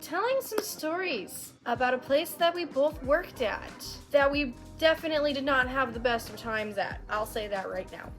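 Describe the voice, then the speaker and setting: Casting: young woman host, slightly high voice, loose chatty delivery, faint music behind. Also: a bit bright. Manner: chatty, swears casually, frequent fillers. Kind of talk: casual chat.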